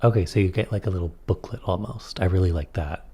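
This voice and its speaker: A man reads aloud from a tabletop game rulebook, then tosses out offhand, casual comments on the rules. His voice is low-pitched, fast, and mellow, with a breathy edge.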